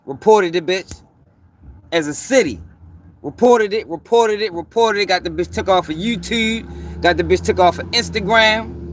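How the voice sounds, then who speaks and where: A faint hiss or hum sits under this high-pitched man's voice as he talks at a normal speed. He's a commentary channel host from Baltimore, and in this angry rant he curses, presses hard, and restates points to drive them in.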